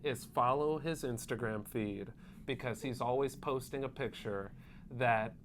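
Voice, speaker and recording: Young woman co-host, low voice, teasing banter, laughs a lot. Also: measured pace, slight background noise. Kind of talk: casual comedic chat.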